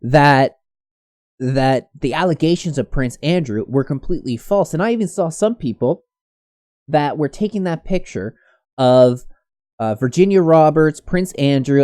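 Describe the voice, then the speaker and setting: A man's voice: medium pitch, mellow, no echo, clean studio sound. A man giving casual commentary on a news story, rambling with many restarts. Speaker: commentary host.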